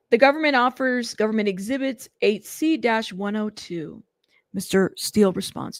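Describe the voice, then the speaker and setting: A woman's voice: mid-range voice, moderate pace, gravelly, no echo, clean studio sound. A woman hosting a news channel, reading court testimony aloud steadily with small fillers.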